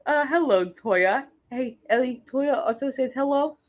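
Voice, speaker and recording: A woman's voice: high-pitched, lively intonation, unhurried. A young adult woman hosting a casual reading livestream, greeting chat viewers by name one after another and chatting about books and her pets. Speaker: readathon livestream host.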